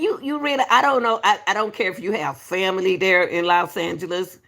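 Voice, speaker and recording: Woman, gravelly voice, reaction commentary, repeats herself, says baby. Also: medium pitch, normal speed, fairly bright tone. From Atlanta, US. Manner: repetitive, emphatic, calls people baby. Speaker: YouTube commentator.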